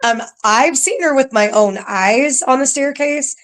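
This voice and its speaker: A woman's voice: high voice, unhurried. Chatty woman full of ums. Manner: chatty, laughs often, filler-heavy. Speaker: paranormal museum staff guest. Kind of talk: casual podcast interview.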